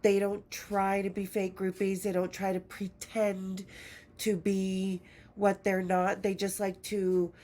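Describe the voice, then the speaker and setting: A woman's voice: medium pitch, monotone, slow, mellow. Sick woman chatting as podcast host. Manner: chatty and affectionate, swears freely. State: sick, congested and weary. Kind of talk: casual chat to camera.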